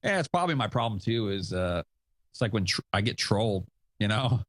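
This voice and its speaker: A man's voice: lowish voice, very animated, a little fast, no room sound. A male podcast host chatting casually, rambling with fillers and self-deprecating asides, a father of young kids. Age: adult with young kids. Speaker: show host.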